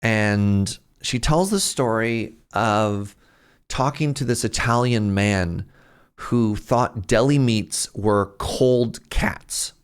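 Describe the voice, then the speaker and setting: A man's voice: fairly low pitch, takes it slowly, clean tone. A man streaming a game, chatting casually, reading chat messages aloud and reacting to them. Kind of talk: casual livestream chat while playing.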